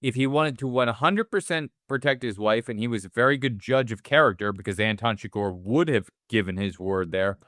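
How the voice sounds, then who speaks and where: Animated, profane podcast man. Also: medium pitch, fairly quick, hardly any pauses, dry recording, studio quality. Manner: animated, profane, acts out characters' lines. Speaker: podcast co-host. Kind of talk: casual movie discussion.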